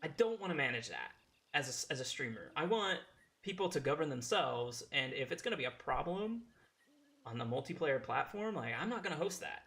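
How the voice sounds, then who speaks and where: A man's voice: on the high side, sing-song, fairly quick, vocal fry, sharp tone. A man streaming a game and chatting casually with his audience, reading chat aloud and laughing often. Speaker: language teacher.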